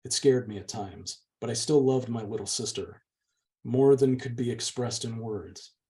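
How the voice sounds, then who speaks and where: A man's voice: medium pitch, unhurried, mellow. A man, the channel's host, steadily reading a novel's chapter aloud. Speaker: book reader, channel host.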